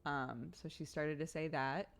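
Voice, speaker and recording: A woman's voice: low-pitched, steady tone, measured pace, vocal fry. A young woman streamer chatting casually with her viewers, giggly and rambling as she tells stories. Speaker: streamer host reading chat.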